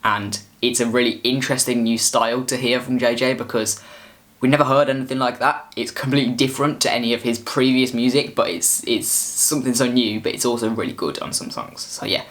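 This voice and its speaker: A man's voice: mid-range voice, steady tone, brisk, a bit bright. A man giving a casual album review, rambling with frequent restarts. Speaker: music reviewer.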